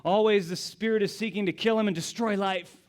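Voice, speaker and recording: A man preaching a sermon as a pastor, his voice sitting a little high. He tells the story dramatically, sinking into hushed whispers and then rising into loud exclamations. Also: steady tone, fairly quick.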